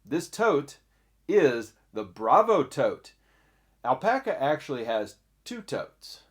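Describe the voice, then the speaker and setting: A man hosting a one-take bag review, talking in an energetic, jokey and chatty way. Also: medium pitch, slow. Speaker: host of a bag review channel.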